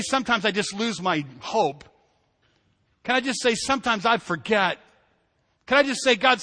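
A man preaching a sermon as pastor, conversational and animated, joking with the congregation and acting out quotes. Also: high voice, in a large hall.

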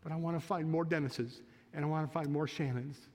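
Man, pastor, somewhat high voice, folksy story-led preaching, church reverb. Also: fairly even intonation, fairly quick, a little mellow. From United States. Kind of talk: sermon. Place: church sanctuary.

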